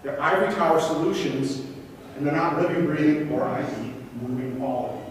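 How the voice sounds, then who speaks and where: At a conference, a man with a slightly high voice presents at a slightly quick pace in an echoey hall, picked up by a distant mic with a bit of background noise. He's animated, firing rhetorical questions at the audience in an interactive talk.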